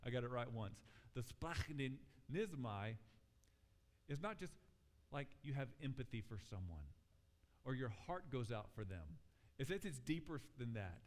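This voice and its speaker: A man preaching a sermon as pastor, talking in a conversational, animated way and acting out quotes as he tells stories. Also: medium pitch, normal speed. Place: church sanctuary. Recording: long church hall reverb.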